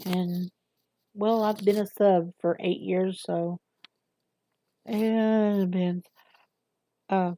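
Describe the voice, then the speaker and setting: A woman reading a text aloud slowly, stumbling over words and breaking off for quick casual asides. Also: mid-range voice, steady tone, warm tone, slight background noise. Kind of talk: halting read-aloud with asides.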